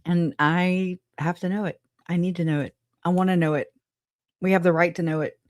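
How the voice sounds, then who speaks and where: A woman's voice: fairly low pitch, fairly even intonation, moderate pace, no room sound, studio quality. A woman hosting a casual livestream, greeting viewers by name, chatty and frank, laughing often. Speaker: livestream host.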